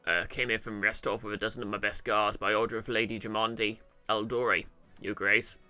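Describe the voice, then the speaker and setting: Man putting on a gruff guard captain in a rough Northern English accent. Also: on the low side, little pitch movement, fairly quick, sharp tone, faint music behind, voice pushed down. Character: stout calm middle-aged male guard captain.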